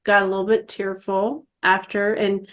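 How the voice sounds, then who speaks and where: A woman in her forties hosting an interview, chatting warmly about her own experience, with frequent "um" and "uh" fillers. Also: mid-range voice, flat delivery, normal speed. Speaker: interview host. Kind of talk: casual interview chat.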